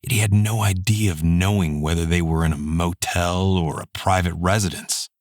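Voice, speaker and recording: A male audiobook narrator reading in a steady, measured way. His voice is deep and the sound is dry and close, with no room around it. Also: no room sound. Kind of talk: scripted narration.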